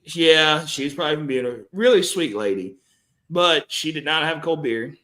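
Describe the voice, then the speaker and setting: Guy cracking jokes on a podcast, bright sharp voice, kinda high. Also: animated, normal speed. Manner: joking, playful banter. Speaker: podcast co-host. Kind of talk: casual chat.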